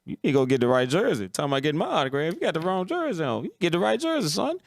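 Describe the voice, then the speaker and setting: A man's voice: fairly high pitch, big pitch swings, rapid-fire, voice pushed up. A man voicing a pro football player who brushes off a child, in a raised, curt and dismissive voice. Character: gruff pro football player snubbing a kid.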